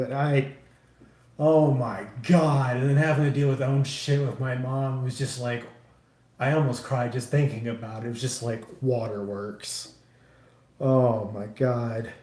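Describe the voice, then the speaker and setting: Male streamer, unhurried and profane, rambling casual chat, roomy sound. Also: mid-range voice, steady tone, darkish tone. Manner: rambling and profane, many restarts. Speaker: livestreamer. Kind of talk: casual chat while building a model kit.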